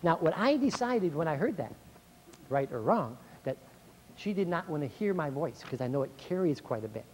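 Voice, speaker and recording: A middle-aged man addresses a room of school staff, his pitch leaping up when he acts out grumbling complaints. His delivery is lively and conversational, with a faint background hiss on the recording. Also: normal speed. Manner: animated, acts out complaints in a raised voice. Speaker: speaker. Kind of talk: motivational speech to school staff. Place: speech hall, recorded 1990.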